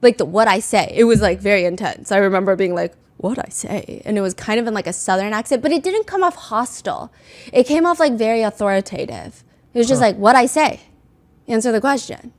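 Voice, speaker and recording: A woman's voice: mid-range voice, animated, fast talker. A woman hosting casual commentary, recapping a trial in a chatty way with many filler words and acted-out quotes.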